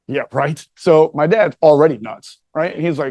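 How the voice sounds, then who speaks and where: A middle-aged man talks in a relaxed, joking way, tossing in "right?" and "like" as he rambles through anecdotes. His voice sits a little on the high side, and the sound is close and dry with no room around it. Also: normal speed, few pauses, dry recording. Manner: loose and joking, peppered with "right?" and "like". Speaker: speaker telling his life story. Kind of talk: casual storytelling talk.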